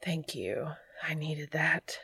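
A woman reading the part of an adult man in love, voicing him soft, low and breathy. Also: lively intonation, a little slow, no room sound, heavily acted. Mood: hushed, intimate. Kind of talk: audiobook character reading.

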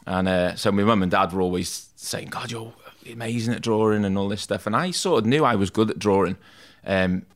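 In a brisk, lowish voice with few pauses, a man recounts his school days for a laid-back podcast interview. He works as a tattoo artist, keeps things chatty and self-deprecating, and leans heavily on "mate" and "like."

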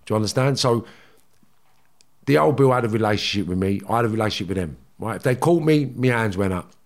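A man, a guest telling blunt, animated stories in a casual interview and swearing freely. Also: lowish voice, fast talker.

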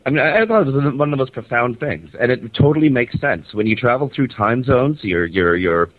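A man hosting a radio show, phoning in from a hotel conference center, rambling and animated as he tells a story and swears casually. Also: medium pitch, fairly quick, dry recording. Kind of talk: casual phoned-in radio chat. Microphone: phone. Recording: tinny, dry phone line.

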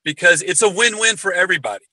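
Bright-voiced man telling stories. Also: high-pitched, fast talker, no room sound. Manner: animated storyteller, acts out quotes. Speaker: podcast co-host. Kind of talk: casual chat, storytelling.

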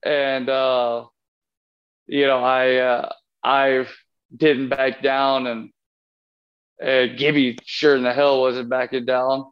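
A man's voice: medium pitch, level tone, slow, pauses often, smooth, highs cut off. A man as an interview guest, telling a long rambling anecdote and acting out the lines he and others said. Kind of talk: casual storytelling interview.

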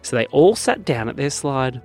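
A man narrating a children's bedtime story in a lively, animated way. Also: medium pitch, moderate pace, faint music behind. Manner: lively storytelling that swings from bright to hushed.

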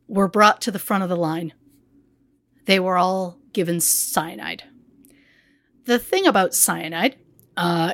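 A woman's voice: medium pitch, no echo. A woman co-hosting a podcast, telling a true crime story in a blunt, conversational way with small fillers. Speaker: podcast co-host.

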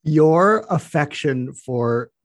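A man's voice: a little high, expressive, very slow, dry recording, clean studio sound. A man from Canada chatting casually as a podcast guest, often restarting and repeating words. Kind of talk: casual conversation.

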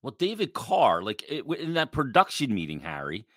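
A man's voice: medium pitch, huge pitch swings, normal speed, no room sound, studio quality. A man co-hosting a casual sports podcast, blunt and jokey, swearing casually. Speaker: podcast co-host. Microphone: podcast microphone with headphones.

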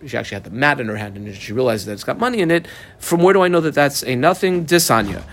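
A man's voice: medium pitch, fast. A man teaching a Talmud class, reading the text and translating it line by line as he marks up the page. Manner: reads Aramaic text then translates, animated, marks up the text aloud. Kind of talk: daf yomi Gemara class.

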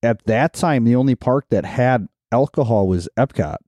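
A man's voice: mid-range voice, expressive, moderate pace, mellow, dry recording. A man co-hosting a podcast, telling a story in a casual, rambling way full of fillers. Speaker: podcast co-host.

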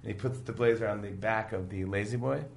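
A man's voice: on the low side, fairly quick, vocal fry, a little hiss or hum. A man guest on a podcast, chatting casually and acting out scenes as he retells them. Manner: animated storyteller acting out scenes. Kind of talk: casual chat.

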